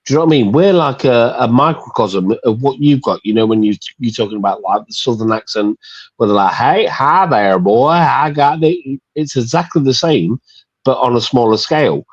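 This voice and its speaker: Husky Midlands Englishman, emphatic and sweary. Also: mid-range voice, lively intonation, brisk, no room sound, dull audio. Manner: emphatic, swears freely, says "mate". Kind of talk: casual group chat.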